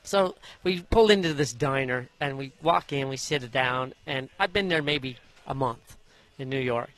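A man, a former jockey, telling stories from his riding career in a folksy, animated way in an interview, acting out the voices of the people in them. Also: mid-range voice, moderate pace. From Idaho. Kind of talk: interview storytelling.

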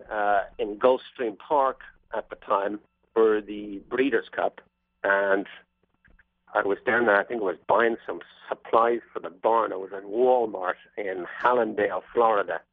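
A man's voice: on the low side, unhurried, no echo. A man, a racehorse trainer, telling wry anecdotes as a guest in an interview. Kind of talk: storytelling interview answers. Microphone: telephone. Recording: tinny phone line, dry.

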